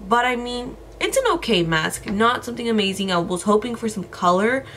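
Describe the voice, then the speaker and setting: A woman's voice: on the high side, lively intonation, a little fast, a bit bright. Chatty woman with a scratchy voice. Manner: chatty, lots of "like" and "you guys". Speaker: beauty vlogger. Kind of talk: casual product review.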